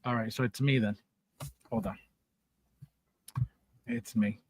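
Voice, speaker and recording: A man's voice: medium pitch, fairly even intonation, slow, breathy edge, dry recording. A man hosting a casual livestream, reading viewer comments aloud, laughing often and repeating words for comic effect. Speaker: livestream host.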